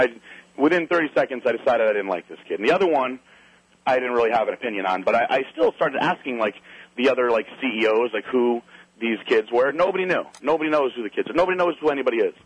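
A man spins a rambling, profane story in casual talk, slipping into quoted voices. His voice is slightly husky and middle-pitched. The sound is dry and close, like a radio studio. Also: fast, dry recording, poor audio. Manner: animated, swearing, mimics others in quotes. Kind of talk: casual anecdote telling.

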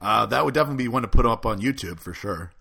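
A man's voice: mid-range voice, lively intonation, creaky, bright, forceful tone, husky. A man co-hosting a podcast in casual banter, teasing his partner and laughing often. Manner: teasing, laughs often, talks in quick bursts. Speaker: co-host.

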